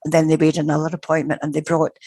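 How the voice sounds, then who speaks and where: A woman's voice: sits low, monotone, fast talker, gravelly, mellow, slightly rough, dry recording. Older woman telling a dramatic story. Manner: vivid, dramatic retelling with frequent restarts. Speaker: guest, psychical researcher. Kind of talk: conversational storytelling.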